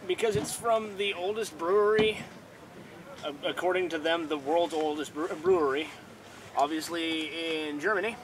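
A man with a slightly raised pitch cracking dry jokes in casual conversation. He is outdoors, and the noise of the event is clearly heard behind him. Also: moderate pace. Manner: dry, wisecracking. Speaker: airsoft team member. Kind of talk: casual chat.

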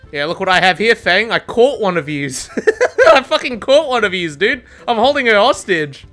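A gamer giving excitable live commentary over gameplay, swearing and laughing often. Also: medium pitch, normal speed, faint music behind. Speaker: gamer streaming a match.

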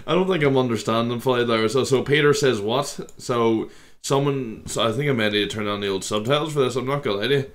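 A man's voice: medium pitch, fast talker. A man with an Irish accent chatting his way through a reaction video. He talks in loose, rambling banter, laughs often and swears freely. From Ireland. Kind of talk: casual reaction commentary.

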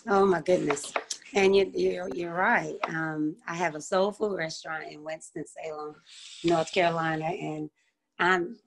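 A middle-aged woman who owns a restaurant speaks on a business panel over a video call, telling her story with emotion and faith. Her voice is lowish and steady, at a measured pace.

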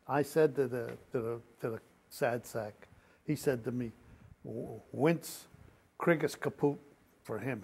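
Gravelly older man telling old stories. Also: mid-range voice. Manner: lively anecdotal storytelling with quoted dialogue. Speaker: interviewee. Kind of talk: oral history storytelling.

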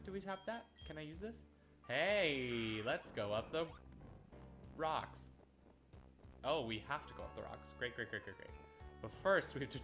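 A man's voice: mid-range voice, sharp tone. A man casually commenting on a video game as he plays, sarcastic, often repeating words in exasperation. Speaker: let's play host.

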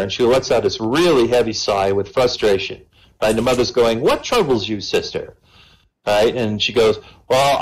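Over poor-quality audio, a medium-pitched man tells a long joke during an online voice chat comedy show. He's an animated storyteller who keeps tacking "right?" onto the end of his lines.

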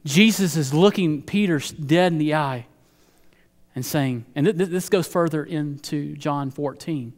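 A male pastor preaching a sermon in a fairly high voice, earnest, restarting phrases as he builds each point. His words ring out with a long echo through the church sanctuary. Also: measured pace.

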